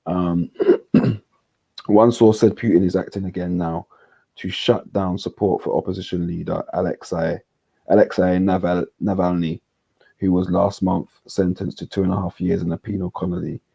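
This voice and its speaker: Deep husky-voiced man. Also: little pitch movement, moderate pace, dark tone, no room sound. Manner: stumbles on names, jokey asides. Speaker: panel host. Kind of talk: casual reading of news aloud.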